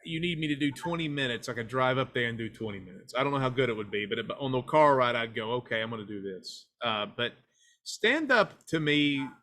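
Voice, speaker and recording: This East Tennessee man from the United States, a filmmaker and wrestler, talks fairly quickly in an expressive, pushed, bright medium-pitched voice. He's a guest in a casual podcast interview, telling loose folksy tales and breaking into a hyped funky DJ act.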